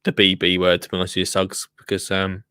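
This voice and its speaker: A man hosting a casual livestream, chatting and joking as he reacts to a gardening show. He often restarts his sentences and coos at his plants in a high, sing-song voice. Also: completely flat delivery, fast, pushed and bright, clean tone, no echo, studio quality. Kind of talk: casual chat.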